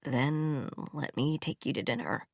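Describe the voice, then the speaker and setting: A woman narrator drops low for a calm grown man, a music professor who speaks softly and insists quietly. The voice sits deep and slow, and the read is dry and close. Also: vocal fry, no echo, heavily acted. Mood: gentle, persuasive. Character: adult male music professor, calm and persuasive. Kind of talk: audiobook character voice.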